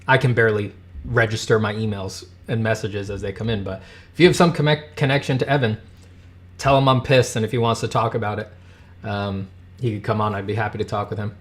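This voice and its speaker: A man in his thirties hosting a livestream, reading chat and ranting in a heated voice that swings from shouting to muttering, often swearing. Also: on the low side, steady tone, brisk. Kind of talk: casual livestream rant.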